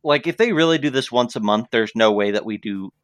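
Man, podcast host, casual chat, easygoing, dry close sound, mid-pitched voice. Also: expressive, a little fast, no room sound.

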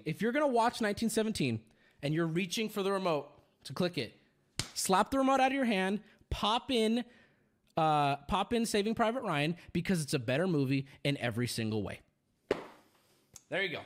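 A man in his thirties telling a rambling story as a streamer in casual chat, animated and profane. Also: sits high, a little hiss or hum. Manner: rambling, animated, swears, acts out quotes.

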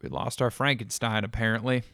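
A man's voice: mid-range voice, level tone, fairly quick, sharp tone, no room sound, clean studio sound. A man voicing a menacing, commanding male council leader in a spoken story, snapping orders.

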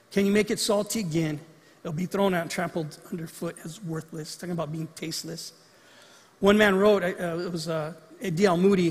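A man's voice: sits high, breathy edge. A man pastor giving a conversational sermon in a church sanctuary and acting out short quotes as he goes. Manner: conversational preaching that acts out quotes. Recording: long reverb of a large hall.

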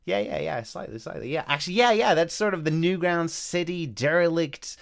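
Male podcast co-host, casual and rambling, smooth resonant tone. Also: a little high, fairly quick. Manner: rambling, many restarts and chuckles. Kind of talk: casual chat reviewing front-page submissions.

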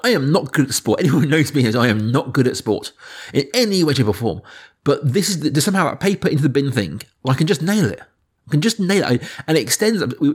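Thirtysomething guy, slightly husky mid voice, rambling animated anecdotes on a podcast. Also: mid-range voice. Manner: animated storytelling with hesitant restarts. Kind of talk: casual chat.

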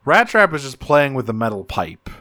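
A man's voice: mid-range voice, big pitch swings, normal speed, sharp tone, no room sound, studio quality. A man hosting a podcast, retelling a cartoon episode in casual chat with a rambling, self-restarting manner. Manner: rambling recap with frequent restarts. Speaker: podcast host.

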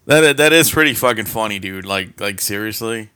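A man's voice: on the low side, expressive, normal speed, sharp tone, clean tone, dry recording. A man co-hosting a podcast, chiming in with short laid-back reactions and swearing. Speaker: podcast co-host. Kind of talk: casual banter.

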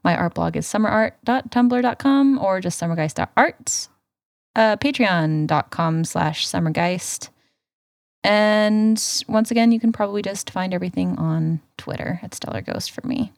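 A woman's voice: medium pitch, moderate pace, vocal fry, dry recording, clean studio sound. A woman co-hosting a podcast in casual chat, giggly and rambling, a bit tipsy. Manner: giggly, rambling, lots of laughs. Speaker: podcast co-host.

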